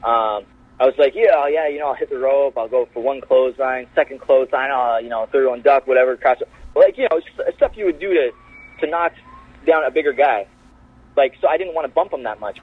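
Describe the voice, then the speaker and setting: Husky man telling stories over the phone. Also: medium pitch, a little fast, no echo. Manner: animated, acts out quotes in changed voices. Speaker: wrestler guest. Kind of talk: casual storytelling. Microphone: phone call. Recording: tinny phone line.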